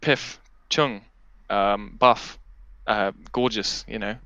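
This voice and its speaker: A man's voice: on the low side, slow pace, pushed and bright, clean tone, no echo, dull audio. A man co-hosting a casual podcast, trading playful, joking banter. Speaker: podcast co-host. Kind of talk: casual chat.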